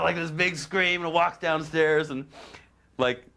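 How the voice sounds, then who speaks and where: Animated man telling a story. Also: fairly high pitch, moderate pace. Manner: lively, does voices of others, laughs often. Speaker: guitarist, interviewee.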